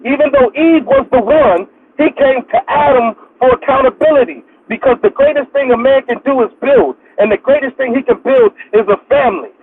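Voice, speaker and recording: A man's voice: very high-pitched, fairly quick, hardly any pauses, breathy edge, narrow, tinny audio. A man giving an impassioned, preachy talk full of repeated rhetorical build-ups on a live audio chat.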